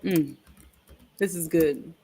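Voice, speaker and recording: A woman's voice: low voice, slow pace, warm tone, breathy edge. A woman co-hosting a live stream, chatting in an upbeat, motivational way. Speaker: co-host. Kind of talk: casual live-stream chat.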